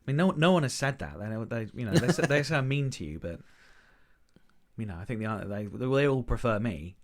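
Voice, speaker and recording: A man co-hosting a casual music podcast, teasing his friend in a deadpan, mock-insulting way. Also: mid-range voice, fairly quick. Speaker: podcast co-host. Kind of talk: casual banter.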